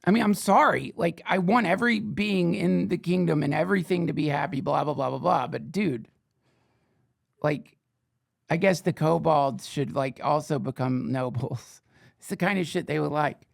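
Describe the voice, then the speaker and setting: A man's voice: on the high side, normal speed, vocal fry, no echo, studio quality. A man hosting a podcast, reading fake fantasy news with profane, sarcastic and rambling asides. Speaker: podcast host.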